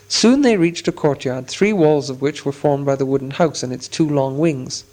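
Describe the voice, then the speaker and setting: A man reading a storybook aloud as narrator, steady and descriptive. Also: mid-range voice, moderate pace. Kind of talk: audiobook reading.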